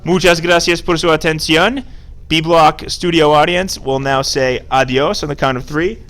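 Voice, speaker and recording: A man's voice: on the high side, fairly even intonation, moderate pace, fairly bright tone. A man teaching a casual classroom screencast lesson, chatty and informal, prompting students to call out answers. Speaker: Spanish teacher.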